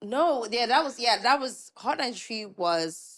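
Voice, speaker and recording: A young woman raised in Ireland, with a mixed international accent carrying a faint Irish trace, co-hosting a podcast in a relaxed, playful way. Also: a little high, moderate pace. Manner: relaxed, playful, trails off and restarts. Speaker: podcast co-host. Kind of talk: casual chat.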